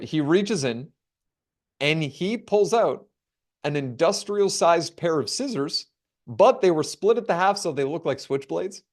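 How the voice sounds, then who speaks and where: A man giving a webinar keynote, telling a story with dramatic pauses and acting out the dialogue. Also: fairly high pitch, expressive. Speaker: keynote speaker. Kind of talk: storytelling talk.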